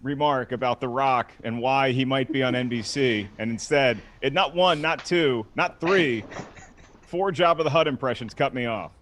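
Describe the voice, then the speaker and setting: A man's voice: medium pitch, normal speed, a bit bright, slight background noise. A man co-hosting a live show, bantering and playfully setting up comedy bits. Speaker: co-host.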